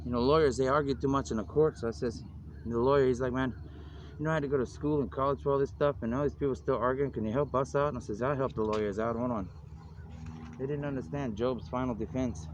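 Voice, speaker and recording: A man's voice: mid-range voice, fairly even intonation, quick pace. A man who calls himself a minister, talking in a loose, meandering monologue and constantly adding "man" and "you know". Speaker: self-described minister. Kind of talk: rambling outdoor monologue. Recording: noisy outdoor street recording. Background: traffic and city noise.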